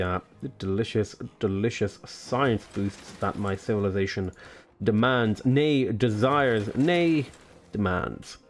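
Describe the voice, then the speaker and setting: A man hosting a casual let's play, rambling and joking with lots of fillers, with faint game music behind. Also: fairly low pitch. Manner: playful, jokey, rambling with many fillers. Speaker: gaming video host.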